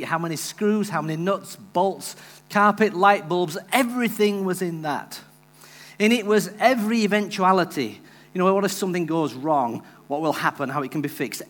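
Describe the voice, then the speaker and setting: Animated high-voiced preacher. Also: male voice. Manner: storytelling, acts out the people he quotes. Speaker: visiting preacher. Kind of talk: sermon with personal story.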